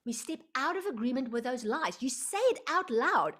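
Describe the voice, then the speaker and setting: A woman hosting a live online workshop, expressive and emotional, slipping into prayer like a preacher. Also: sits high, normal speed, few pauses. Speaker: workshop host.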